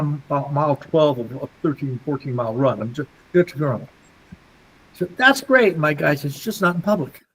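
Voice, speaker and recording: An older man speaking to a support group, telling stories in an animated way and acting out the voices of the people in them. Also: a little high, a little hiss or hum. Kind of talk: storytelling talk to a group.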